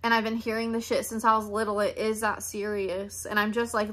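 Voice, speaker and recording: A woman's voice: medium pitch, little pitch movement, a little fast, fairly bright tone. A young woman venting in a candid, emotional monologue, blunt and swearing freely. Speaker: podcast host.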